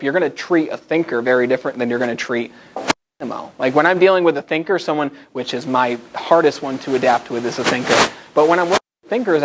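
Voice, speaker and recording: Energetic American man giving a talk. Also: on the high side, very noisy. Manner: energetic, conversational, invites the audience. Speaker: motivational speaker. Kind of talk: live presentation to a group. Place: meeting room with a live audience.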